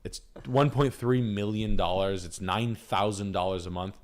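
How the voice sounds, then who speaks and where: A man's voice: lowish voice, fairly even intonation, normal speed, a little mellow, slight background noise. A young man hosting a livestream, talking casually and crudely in rambling comic riffs. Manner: crude, rambling, acts out goofy voices. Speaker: livestream host. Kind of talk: casual comedic chat.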